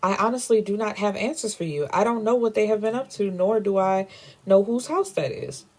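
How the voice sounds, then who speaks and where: A woman's voice: medium pitch, brisk, darkish tone, natural voice. A woman quoting a spoiled, pleading wife. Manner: pleading, defensive.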